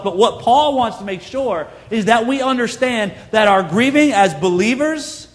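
High-voiced preacher man in a reverberant hall. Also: lively intonation, moderate pace, few pauses. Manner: earnest, conversational preaching with emphatic repetition. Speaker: pastor. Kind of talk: sermon.

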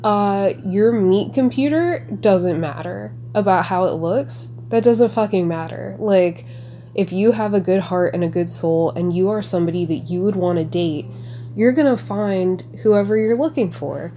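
A woman talking casually as a podcast host, reacting excitedly and sarcastically to a movie with lots of swearing. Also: medium pitch, measured pace, slight background noise.

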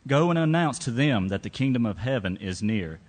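A man voicing Jesus, calm and commanding. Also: medium pitch, a little fast, close to an everyday voice. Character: calm authoritative male teacher sending out followers. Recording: long hall reverb.

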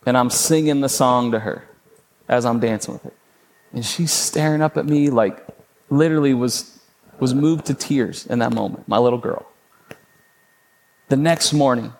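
A man, a father in his thirties or forties, preaching a sermon as a pastor in a relaxed storytelling way, often checking in with "right?". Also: mid-range voice. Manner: conversational, storytelling with frequent "right?".

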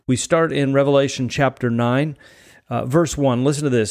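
A man's voice: mid-range voice, steady tone, moderate pace, a little mellow, no echo, clean studio sound. A man preaching a sermon, reading scripture aloud and explaining it earnestly, often repeating words as he goes.

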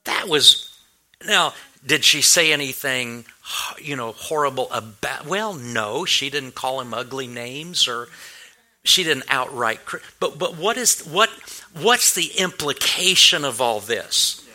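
A man's voice: mid-range voice, animated, measured pace, sharp tone. A male pastor telling a personal story in a sermon, earnest and anecdotal, with many restarts and fillers.

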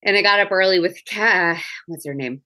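A woman's voice: medium pitch, normal speed, bright, forceful tone. A woman in her thirties hosting a podcast, chatting casually about motherhood and often breaking off and restarting sentences. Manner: chatty, frequent restarts and laughs. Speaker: podcast host. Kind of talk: casual chat.

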